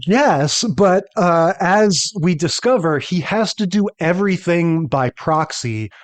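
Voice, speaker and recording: A man co-hosting a podcast in casual chat, rambling and often checking in with a quick "right?". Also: high-pitched, animated. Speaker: podcast co-host.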